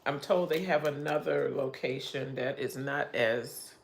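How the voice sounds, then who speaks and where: A woman's voice: very deep voice, fairly even intonation, a little slow, gravelly, slight background noise. A middle-aged woman hosting a casual livestream, chatting in a rambling way and laughing often. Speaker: livestream host.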